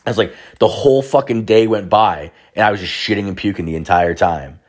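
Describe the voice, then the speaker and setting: A young man with a brisk, lowish voice tells a rambling personal story in casual chat. He swears freely, restarts often, and uses plenty of fillers.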